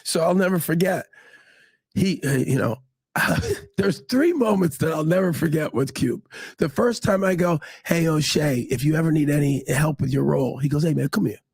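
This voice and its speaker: A middle-aged man telling stories in a casual interview, animated and acting out quotes. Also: normal speed, creaky, slightly rough, dry recording. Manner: animated, acts out quotes with big pitch jumps. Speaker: guest.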